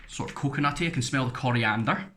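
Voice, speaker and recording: A man's voice: mid-range voice, fast, pushed and bright, slight background noise. An English man giving a casual, frank food review, rambling through chatty asides as he tastes.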